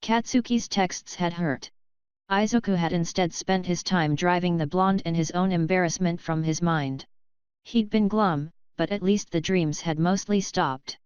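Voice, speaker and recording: A woman reads a fan fiction audiobook in a calm, even manner. Her voice sits a little low and comes through very clean and dry. The recording sounds slightly dull. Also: measured pace, clean tone, no echo. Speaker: narrator.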